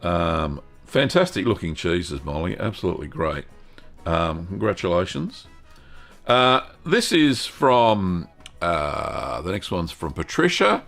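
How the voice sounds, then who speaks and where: Slow, deep-voiced Australian man. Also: creaky, faint music behind. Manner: relaxed and chatty, with frequent ums and self-corrections. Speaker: host. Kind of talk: live-stream cheese-making chat.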